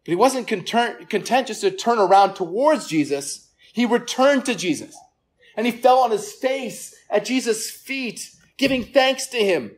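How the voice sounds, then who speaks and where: A pastor preaching a sermon to a gathered congregation. The delivery is earnest, often repeats words, and falls quiet for emphasis. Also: medium pitch, expressive, measured pace. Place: church service room with listeners.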